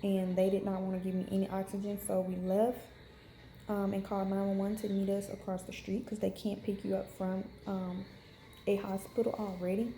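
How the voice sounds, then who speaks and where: A woman's voice: mid-range voice, little pitch movement, normal speed, dark tone, roomy sound, slight background noise. A young woman vlogger telling a story to camera in a frank, chatty way with many fillers. She is unwell and in pain. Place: hospital room.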